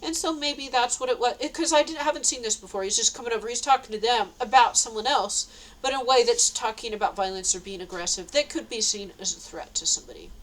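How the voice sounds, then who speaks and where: A woman's voice: on the high side, fast talker, fairly bright tone, slight background noise, low-quality recording. A woman telling a rambling story in a casual vlog, with frequent nervous laughs. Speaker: vlogger.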